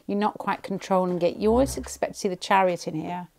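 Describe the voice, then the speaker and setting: A woman's voice: on the low side, quick pace, vocal fry, a little mellow. A woman giving a pick-a-card tarot reading at home, thinking aloud and rambling, often restarting her sentences.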